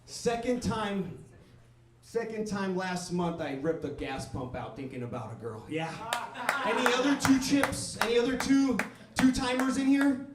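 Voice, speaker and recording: A man's voice: high-pitched, very animated, measured pace, a little hiss or hum. A male stand-up comedian rambling through a profane, laughing set and talking to the crowd. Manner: talks to the crowd. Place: comedy club stage. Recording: echoey room recorded from a distance.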